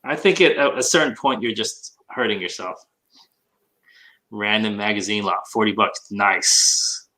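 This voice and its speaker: A man's voice: lowish voice, lively intonation, moderate pace, bright, forceful tone, rough recording. A man hosting a casual online hangout, chatting and explaining things loosely. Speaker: podcast host. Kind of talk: casual chat.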